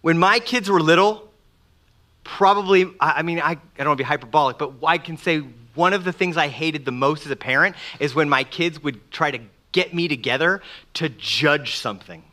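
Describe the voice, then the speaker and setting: A middle-aged pastor delivers a sermon with lots of energy, acting out the voices of the people he quotes. His voice sits on the higher side and he moves at a moderate pace.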